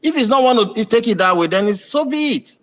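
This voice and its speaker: An insistent, high-voiced man arguing his point. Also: lively intonation, fairly quick, muffled recording, crowd noise. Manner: insistent, repeats himself when interrupted. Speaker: panel participant. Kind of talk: heated online debate.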